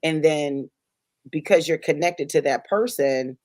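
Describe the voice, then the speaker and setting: A woman with a low voice co-hosting a podcast in casual chat. She explains things earnestly, stacking up repeated phrases, and her voice sounds dry and close. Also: measured pace, a little mellow, no room sound. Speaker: podcast co-host.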